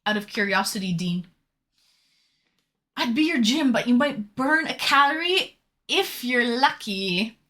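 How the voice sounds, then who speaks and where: A woman's voice: on the high side, expressive, a little slow, long pauses, pushed and bright. A woman live streamer chatting casually, reading viewer messages aloud with a teasing, chatty manner and casual swearing.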